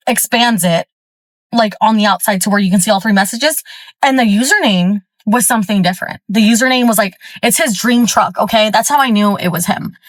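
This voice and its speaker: A woman's voice: fairly high pitch, fairly bright tone, no room sound. A woman from Florida, recorded at a gym, telling a story in a casual, fired-up way with lots of fillers. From Florida, USA. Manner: chatty, filler-heavy, fired-up retelling. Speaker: storyteller vlogger.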